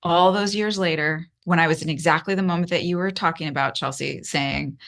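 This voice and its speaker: A woman guest telling her story candidly in an interview, earnest, with many restarts and fillers, her voice climbing high when emotional. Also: a little fast, gravelly, fairly bright tone. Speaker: podcast guest.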